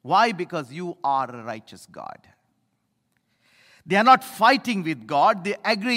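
High, bright-voiced preaching man. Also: animated, measured pace, long pauses. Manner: emphatic preaching, swinging between loud appeals and low asides. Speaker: pastor. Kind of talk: sermon. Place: church sanctuary. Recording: echoey hall reverb.

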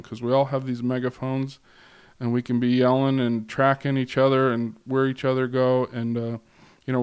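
A man's voice: mid-range voice, darkish tone, clean tone. A middle-aged man giving a guest lecture to a class over a remote link, talking conversationally with many fillers and restarts. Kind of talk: informal lecture.

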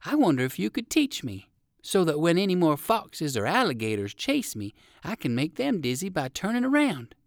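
A woman voicing an excitable little male poodle dog in a storybook, high and bouncy. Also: normal speed, dry recording, clean studio sound. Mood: cheerful.

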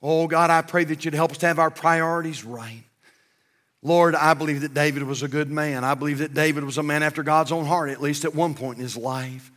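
A man with a Southern American accent, preaching a sermon as pastor, telling jokes with a rising voice and praying in a low tone. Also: fairly even intonation, brisk, fairly bright tone, big-room sound. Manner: storytelling preacher, voice rising for punchlines and dropping low in prayer. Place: church sanctuary.

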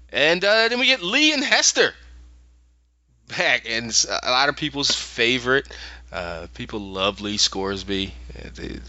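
An American man talks over a podcast with a very bright, sharp tone and a pitch that swings up and down a lot. He laughs often and trips over restarts as his thoughts race ahead. The sound is dry and a little dull, lo-fi. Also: unhurried, no echo. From Philadelphia, USA. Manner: animated, laughs often, restarts and stammers while thinking. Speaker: podcast co-host. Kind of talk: casual chat.

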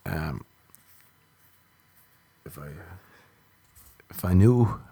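A man's voice: animated, drawn-out words, gravelly, dark tone, husky, dry recording. A young Irish man telling self-deprecating comic stories in a casual monologue. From Ireland. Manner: self-deprecating, jumps into silly high voices for quotes.

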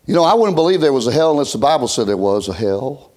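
A middle-aged man preaching a revival sermon, folksy, swinging from loud shouts to hushed near-whispers. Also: medium pitch, big pitch swings, fast talker. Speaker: pastor.

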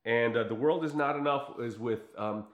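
A man's voice: medium pitch, moderate pace, phone-quality sound. A man chatting casually as a podcast host, enthusiastic and often hesitating to search for names. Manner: enthusiastic, hesitant, gropes for names with many fillers. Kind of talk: casual chat. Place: room, in studio with guest. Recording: echoey room.

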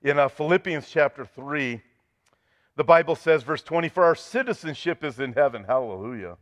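A man's voice: on the high side, normal speed. A man preaching a sermon as pastor, joking with the congregation and reading scripture aloud with rising intensity. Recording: dull sound with long hall reverb.

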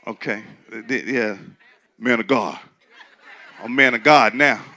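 Raspy, bright-toned preacher man. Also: slow pace. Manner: conversational preaching, mimics skeptics in a high squeal. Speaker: pastor. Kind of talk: sermon.

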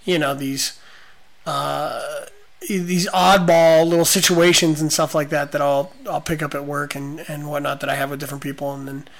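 A man's voice: on the high side, flat delivery, moderate pace, creaky. A man hosting a podcast in casual chat, rambling with many fillers. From Los Angeles area. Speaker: podcast host.

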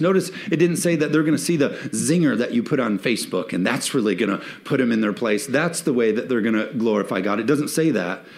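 A man preaching from the pulpit with a lively, joking delivery. He slips into little acted-out voices for everyday scenes, his pitch sitting in a middle range. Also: fairly quick, hardly any pauses. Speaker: pastor. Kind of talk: sermon.

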